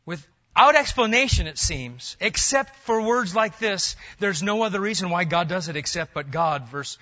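A pastor preaching a sermon, swinging between loud emphatic bursts and hushed, near-whispered lines. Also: male voice, high-pitched, expressive, normal speed. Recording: dull lo-fi church recording.

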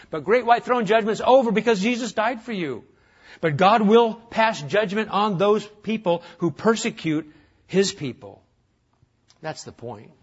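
A man preaching a sermon, dropping to a hush and then rising loud, often repeating words. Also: high-pitched, husky, highs cut off. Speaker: pastor.

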